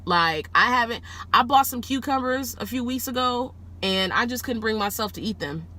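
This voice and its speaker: A woman rideshare driver telling a story to the camera from her car, casual and animated, swearing freely and jumping high in pitch when she gets excited. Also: moderate pace.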